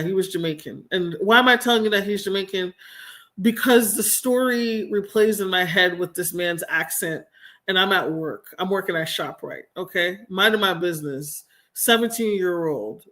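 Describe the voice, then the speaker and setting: A woman in her forties hosting a livestream from home, telling a story in a blunt, emphatic, profane way. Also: fairly low pitch. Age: 40s. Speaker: streamer host. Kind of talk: casual livestream talk.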